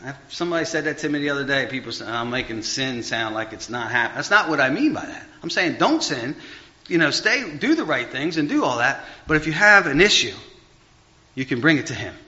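A male preacher delivers a loose, conversational sermon full of restarts and asides. His voice is bright and forceful, and it swings from raised emphasis down to quiet murmurs. The dull, lo-fi recording softens the top end. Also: very animated, fairly quick. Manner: rambling, full of fillers and restarts, big swings in pitch and volume.

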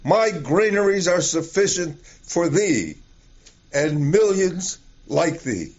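A man voicing a great granary, answering in a slow, generous voice with soothing repeated phrases, on a dull lo-fi recording. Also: fairly high pitch, big pitch swings, a little mellow, exaggerated voice. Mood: reassuring. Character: great grain store, generous and assuring.

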